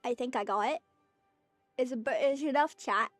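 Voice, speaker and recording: A woman's voice: fairly high pitch, normal speed, long pauses, no echo, faint music behind. A woman streaming a game in a playful, flirty way, chatting to her viewers. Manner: playful, flirty, talks to chat.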